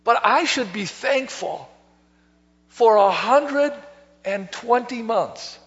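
A man's voice: extremely high pitch, a bit bright. A male pastor preaching a sermon, mixing conversational storytelling with emphatic exhortation, heard in a church sanctuary. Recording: long hall reverb, dull lo-fi sound.

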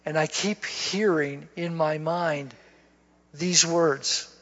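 Guy with a high voice telling his church testimony, folksy, kinda muffled lo-fi sound with long reverb. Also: steady tone, slow pace, fairly bright tone. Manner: storytelling, folksy, laughs at himself. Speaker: guest speaker giving testimony. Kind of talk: sermon testimony.

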